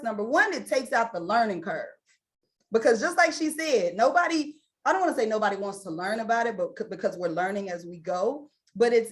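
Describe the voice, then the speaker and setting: Woman hosting a zoom type call, chatty and upbeat, talks into her computer mic. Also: fairly high pitch. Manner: energetic, chatty, laughing asides. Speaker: host of an online presentation. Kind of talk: enthusiastic presentation on a video call. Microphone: computer mic, sharing screen.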